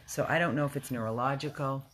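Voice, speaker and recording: A woman dog rescue volunteer giving a casual video update from a rescue house, talking in an emotional, halting way with restarts. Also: a bass voice, fairly even intonation, slight background noise.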